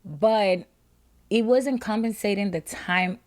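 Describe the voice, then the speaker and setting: Female guest, sassy and playful storyteller, mid-pitched, casual talk. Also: slow pace, a little mellow. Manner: playful, sassy storyteller who acts out voices. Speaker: guest, makeup entrepreneur. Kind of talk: casual chat.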